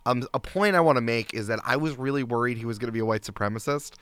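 A man appearing as a guest on a casual movie podcast, talking animatedly and leaping up in pitch when he gets excited. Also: fast talker, smooth, no echo.

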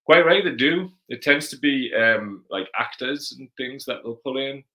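A man's voice: mid-range voice, lively intonation, measured pace, bright, forceful tone, low-quality recording. A man with a Geordie accent hosting a casual livestream Q&A, chatty and blunt, swearing freely as he reads out viewer comments. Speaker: livestream host.

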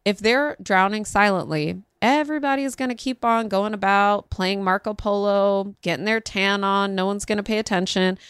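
A woman hosts a parenting talk in a casual storytelling way. Her pitch leaps high whenever she acts out what someone said. The recording is close and dry. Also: moderate pace, few pauses, clean tone, no room sound. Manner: animated, acts out quoted voices with pitch jumps. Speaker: parenting podcast host.

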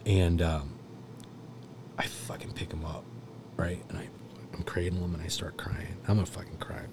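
A man telling a personal story in casual chat, animated and swearing, swinging from loud laughter to hushed near-whispers. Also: low voice, normal speed. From South Texas.

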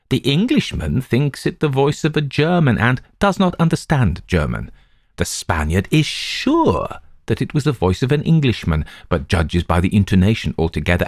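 A man reading as a calm, methodical detective. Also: deep voice, no room sound, studio quality, exaggerated voice. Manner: measured, deliberate reasoning. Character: calm, methodical male detective reasoning aloud. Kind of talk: audiobook reading.

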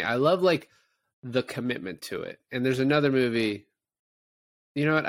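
Animated man retelling a movie. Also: fairly low pitch, no echo. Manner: animated storytelling, acts out scenes in quoted voices. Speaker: podcast co-host. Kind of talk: casual movie chat.

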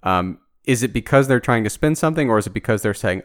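A man's voice: fairly low pitch, expressive, quick pace, few pauses, dry recording. A man hosting a podcast in casual chat, explaining ideas analytically through worked examples, with a dry, teasing humor. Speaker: podcast host.

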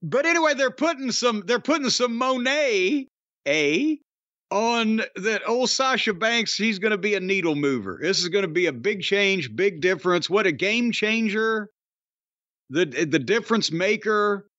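Sarcastic rhetorical questions and cursing fill this older man's rant as he hosts a laid-back wrestling review podcast. His high, animated voice is a bit bright and moves at a moderate speed. The podcast audio is dry, somewhat dull, and free of echo.

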